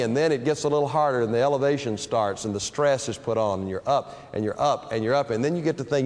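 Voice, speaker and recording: A man preaching a sermon with dramatic delivery, stretching key phrases slowly for emphasis. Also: mid-range voice, darkish tone. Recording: long reverb of a large hall.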